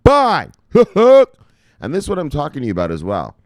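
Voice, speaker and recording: Low-voiced, animated, profane vlogger man. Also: rapid-fire, no room sound, studio quality. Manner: profane, boisterous, laughing often. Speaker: crypto news vlogger. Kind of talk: casual commentary.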